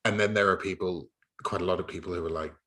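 A man hosting a conversational interview, with a very deep voice. He is wry and thoughtful and steers the talk with leading questions. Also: fairly even intonation, fast, sharp tone. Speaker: interviewer and host.

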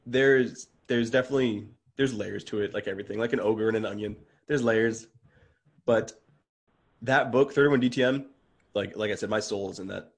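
A man's voice: on the low side, fast talker, creaky, slightly rough. A man talking as a podcast guest in casual conversation, earnest and open, often restarting his sentences and getting worked up as he goes.

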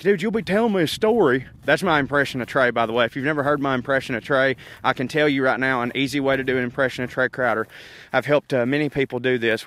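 A man's voice: mid-range voice, dry recording. A man from North Georgia with a Southern accent, rambling and joking in a casual rant while walking outdoors. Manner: rambling, joking, animated, laughs often. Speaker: comedian podcast host. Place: outdoors, walking on an overcast windy day.

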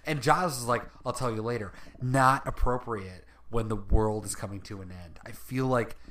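A podcast co-host in casual chat, animated and acting out quotes from scenes. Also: mid-range voice, normal speed, slight background noise.

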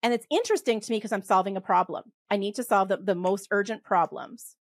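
Fast-talking Western Canadian woman, dry sound. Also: mid-range voice, no room sound. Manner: fast, animated, laughs often, many restarts. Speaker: podcast guest. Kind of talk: casual interview talk.

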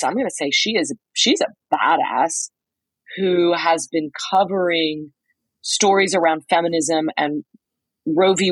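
A woman co-hosting a podcast, telling a lively story in casual chat, acting out quotes with lots of "like"s. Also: low voice, breathy edge, no echo, low-quality recording. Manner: animated storyteller, many "like"s, acts out quotes. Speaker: podcast co-host reporting from a trial. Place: motel room.

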